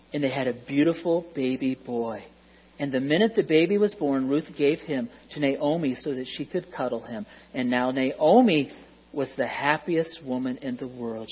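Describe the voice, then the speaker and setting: A children's Bible teacher telling a story to a group of kids in a lively way, asking them questions and hushing them. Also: mid-range voice, breathy edge. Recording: dull lo-fi sound.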